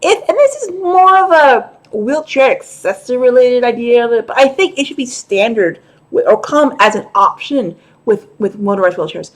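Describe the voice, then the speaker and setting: A woman with a high, bright-sounding voice chats straight to camera as host of her own show. She is frank and a bit profane, and she breaks off for laughing asides as she goes. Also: animated, normal speed. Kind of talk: casual talk to camera.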